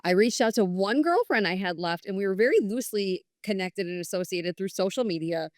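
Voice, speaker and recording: A woman's voice: mid-range voice, lively intonation, fairly quick, no room sound, clean studio sound. A woman from New York telling her personal story as a guest, earnest and candid, often quoting herself and others in conversation. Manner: earnest, candid storytelling with frequent "I was like" and quoted dialogue. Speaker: podcast guest.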